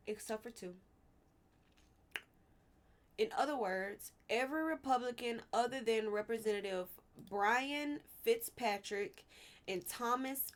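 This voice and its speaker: A woman hosting a casual commentary vlog, exasperated and rambling, with frequent restarts and apologetic asides. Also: mid-range voice. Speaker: vlog host.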